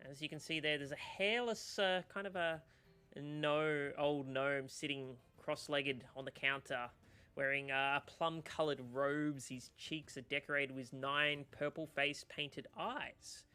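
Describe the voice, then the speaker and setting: A man's voice: on the high side, fairly even intonation, a little slow, sharp tone, clear, resonant tone, faint music behind. A man narrating a tabletop game as game master, hesitant, with many fillers.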